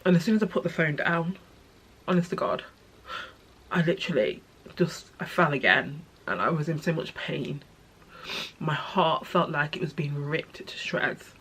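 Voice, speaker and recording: A young woman telling a personal story in her vlog, tearful and halting, with many pauses and restarts. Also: sits low, a bit bright, breathy edge. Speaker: vlogger.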